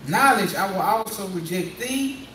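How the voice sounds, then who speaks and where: A man with a high voice preaches in a loose, conversational call-and-response style and keeps prodding a Bible reader. His voice comes from a distance in an echoey room, with a faint room hum behind it. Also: lively intonation, unhurried, bright, forceful tone. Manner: conversational, prodding, repeats phrases.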